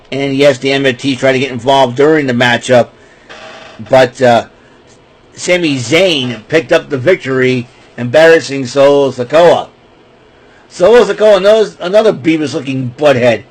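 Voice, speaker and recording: A man hosting a casual wrestling recap, rambling and stumbling over names and laughing at his own jokes. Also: mid-range voice. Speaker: podcast host.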